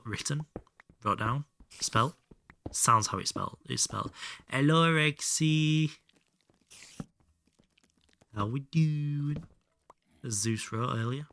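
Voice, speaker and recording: This streamer talks casually with his viewers while gaming, joking, bantering and sometimes muttering under his breath. His medium-pitched voice is expressive, gravelly, pushed and bright, at normal speed, with a little hiss or hum in the audio.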